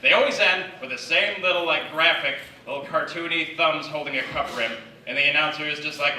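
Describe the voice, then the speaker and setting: A man from the Yukon doing a conversational, self-deprecating stand-up set on a theatre stage, slipping into quick acted quotes. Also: fairly high pitch, crowd noise. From Yukon, Canada. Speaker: stand-up comedian. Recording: echoey theatre, mic at a distance.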